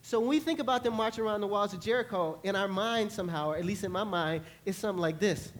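Man, pastor, sermon, animated, playful, church sanctuary. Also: high voice, slight background noise. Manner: animated, playful, acts out voices and laughs with the congregation.

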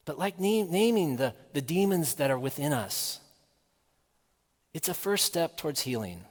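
A man preaching a sermon in a measured, earnest way, asking the listeners rhetorical questions. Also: a little high, lively intonation, long reverb tail.

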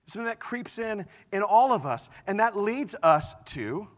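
A man preaching a sermon as pastor, animated and conversational, full of rhetorical questions to the congregation. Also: high voice, moderate pace. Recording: long hall reverb.

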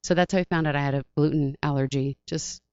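Chatty actress guest, low smooth voice, close dry muffled studio sound. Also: female voice, fairly even intonation, quick pace, darkish tone, dry recording. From Washington, D.C. area. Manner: chatty, rambling, acts out quotes in voices. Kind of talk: casual interview chat.

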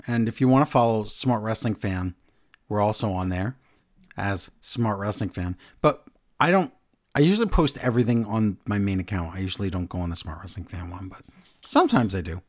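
A man hosting a casual wrestling podcast, recapping the show in excited, animated bursts. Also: on the low side, a little fast. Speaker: podcast host.

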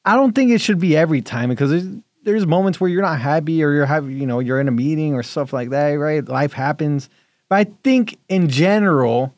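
A man co-hosting a podcast in casual chat, playful and quick to laugh. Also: mid-range voice, no echo. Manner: laughs often, playful and animated. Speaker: podcast co-host.

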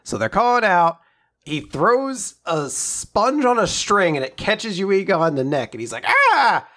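A young man chatting casually as he recaps a story, his voice sitting a little high and swinging widely as he talks. He retells the plot with animated energy and jumps into quick character voices along the way. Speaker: podcast co-host recapping a manga chapter. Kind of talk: casual chat.

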